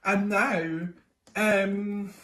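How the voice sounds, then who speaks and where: A woman's voice: medium pitch, steady tone, very slow, a bit bright. A young woman, a tarot reader, chatting casually through a psychic reading with lots of ums and okays. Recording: echoey room, faint noise.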